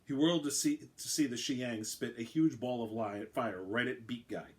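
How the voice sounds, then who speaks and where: A man narrating his own story aloud in a brisk, wry way. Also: medium pitch, steady tone.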